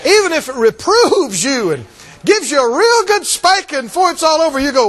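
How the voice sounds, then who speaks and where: At a measured pace, a man with a very high, lively voice delivers an emphatic, rousing sermon, repeatedly calling out to his congregation. The long reverb of a large hall rings around his words.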